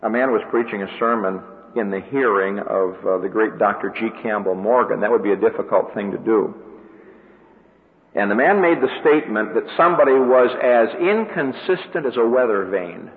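A man's voice: expressive, moderate pace. Emphatic male radio preacher, tinny. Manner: emphatic, with sudden pitch rises on key words. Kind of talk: radio sermon. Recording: narrow, tinny radio broadcast with long reverb.

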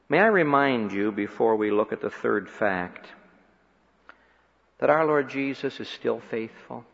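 Preaching man in a reverberant hall. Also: gravelly. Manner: swings between loud emphatic peaks and quiet low phrases. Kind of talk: sermon. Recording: dull lo-fi sound with long hall reverb.

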